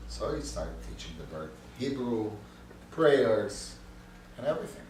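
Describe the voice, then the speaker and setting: A male instructor telling a parable to his class in halting, animated phrases. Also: fairly low pitch. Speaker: course instructor. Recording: echoey room, mic far off, faint noise.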